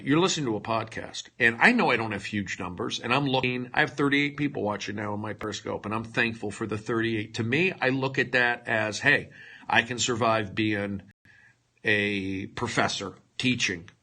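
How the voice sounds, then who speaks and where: A male comedian rambles through a livestream monologue, lurching from loud outbursts to hushed mutters and tossing mock-dramatic, self-mocking asides into a phone. His voice is lowish, at normal speed.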